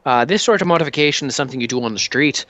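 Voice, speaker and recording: A man's voice: mid-range voice, animated, rapid-fire, bright, forceful tone, no room sound. A man voicing a polite, fussy middle-aged gunsmith in a tabletop game. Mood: courteous. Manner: polite, precise, shop-talk.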